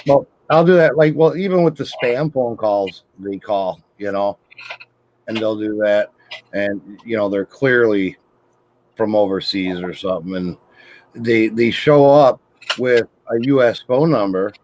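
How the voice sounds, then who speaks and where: A man's voice: on the low side, measured pace, darkish tone, a little hiss or hum. A man chatting casually as a co-host, telling laid-back stories with a laugh. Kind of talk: casual chat. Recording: dull lo-fi sound.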